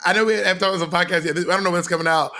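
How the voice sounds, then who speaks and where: Teasing man with a bright edgy voice. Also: high-pitched, steady tone, racing. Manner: teasing, playful, dramatic and gossipy. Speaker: podcast co-host. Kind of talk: casual chat.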